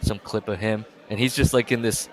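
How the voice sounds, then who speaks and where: A man chatting casually as a podcast co-host, with a voice a little lower than most men's. He wanders through his stories with plenty of fillers, stops and restarts. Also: steady tone, a little fast, soft background music. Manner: rambling storyteller with many fillers and restarts. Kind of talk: casual chat.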